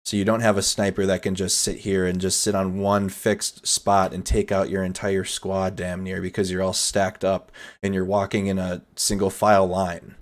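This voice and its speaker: A man hosting a nightly war update live stream, commenting over footage in a casual, energetic, chatty way. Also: low voice, moderate pace, few pauses.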